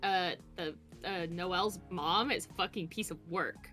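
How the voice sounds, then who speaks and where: A woman's voice: lowish voice, a little slow, pushed and bright, faint music behind. A woman in a loose group chat, eagerly organizing ideas and swearing casually. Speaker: friend taking notes in discussion.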